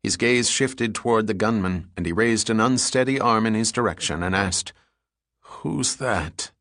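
A man narrating a thriller audiobook chapter in a steady, measured way. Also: fairly low pitch, no room sound, studio quality. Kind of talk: scripted narration.

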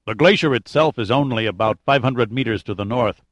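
A man's voice: medium pitch, brisk, no echo, clean studio sound, close to an everyday voice. A man reading an audiobook, voicing a practical adult male guide who talks bluntly and matter-of-factly.

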